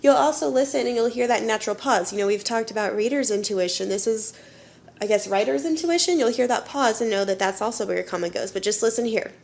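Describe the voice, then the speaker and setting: A woman's voice: a little high, quick pace, creaky, darkish tone. Patient woman teaching a grammar lesson. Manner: patient, explains step by step with frequent "okay?" checks. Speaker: elementary school teacher.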